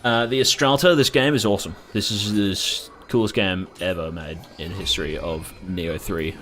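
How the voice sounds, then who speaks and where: A man's voice: low voice, steady tone, moderate pace, a bit bright. A young man chatting casually and rambling while playing a game, swearing freely. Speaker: gaming streamer. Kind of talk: casual gameplay commentary.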